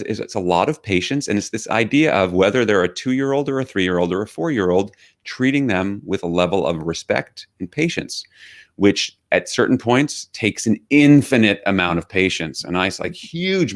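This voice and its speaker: Low-voiced middle-aged man telling stories. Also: lively intonation, moderate pace. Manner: reflective storytelling with quoted dialogue. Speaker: author and guest. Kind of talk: interview conversation.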